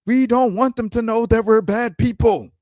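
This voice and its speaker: A shrill, whining spokesperson , as a man puts him on pleads in a voice pushed far up, thin and strange in tone. He mocks as he begs, drawing words out in a pleading sing-song. The sound is close and dry. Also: moderate pace, a little mellow, no room sound. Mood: whiny pleading. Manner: mocking, exaggerated whine. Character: whiny pleading spokesperson for a donor group.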